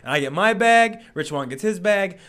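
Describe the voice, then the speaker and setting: A man's voice: high voice, moderate pace, smooth. A young man telling wrestling road stories in a casual podcast chat, laughing often. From United States. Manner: laughing storyteller, animated. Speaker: pro wrestler guest.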